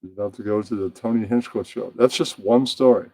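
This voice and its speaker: A man's voice: on the low side, steady tone, brisk, mellow, dry recording. A man hosting a puppet show stream, rambling and chuckling to himself as he sets up scenes. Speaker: host.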